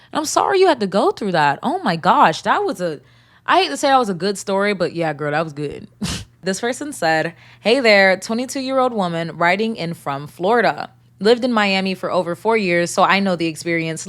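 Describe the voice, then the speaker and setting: A woman hosting a podcast who reads out a listener's story and breaks off into loud, animated reactions. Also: mid-range voice, fairly quick. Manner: animated, swings between reading and loud outbursts. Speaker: podcast host. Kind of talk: reading a listener submission and reacting.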